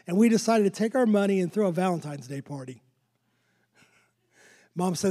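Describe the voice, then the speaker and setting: A man's voice: high voice, moderate pace, pauses often, a little mellow, big-room sound. An older man preaching a sermon in a church sanctuary, fervent and repetitive, with chuckles. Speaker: pastor.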